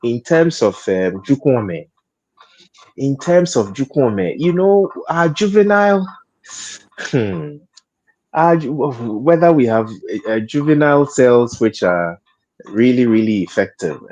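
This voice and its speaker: A man's voice: mid-range voice, sing-song, takes it slowly, darkish tone, highs cut off. Hesitant man on a panel. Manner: hesitant, repeats words, laughs often while talking. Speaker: panel guest. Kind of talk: studio panel discussion.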